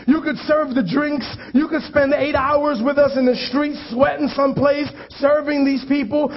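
High-voiced pastor preaching casually. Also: male voice. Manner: conversational preaching, self-deprecating asides, repeated phrases for emphasis. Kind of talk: sermon. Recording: dull lo-fi church recording.

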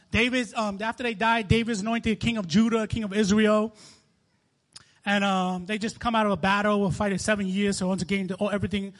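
A man in his twenties with a New York accent, giving a casual, conversational sermon with frequent restarts and laughter. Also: high voice. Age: 20s. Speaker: minister.

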